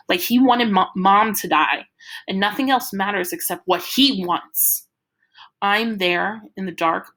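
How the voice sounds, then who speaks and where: Woman reading a book out loud, dramatic, drops to a whisper sometimes. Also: lowish voice. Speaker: reader. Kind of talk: reading a novel aloud.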